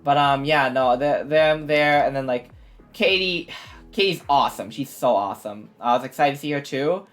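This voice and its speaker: A woman streamer recapping an event in a casual, rambling way, full of fillers and excited asides. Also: a bass voice, moderate pace. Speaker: VTuber streamer. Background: faint background music.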